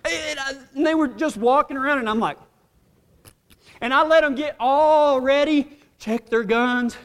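A man's voice: very high voice, a little slow, a bit bright. A man preaching a folksy, humorous sermon, telling a story with drawling asides and laughing along. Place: church hall. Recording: long hall reverb.

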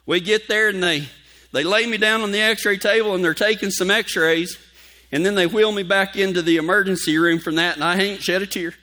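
A pastor tells a folksy story from the pulpit. His voice sits high and sounds bright and forceful, and he softens to a hush when he reads scripture. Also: steady tone, a little fast. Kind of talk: sermon with personal story.

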